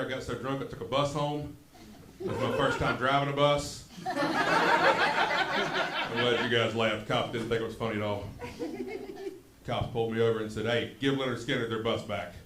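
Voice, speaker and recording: West Virginia comedian in an echoey club. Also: male voice, mid-range voice, fairly bright tone. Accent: Southern West Virginia. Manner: self-deprecating, drawling storyteller. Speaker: stand-up comedian. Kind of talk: stand-up comedy set. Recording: echoey club room, audible noise.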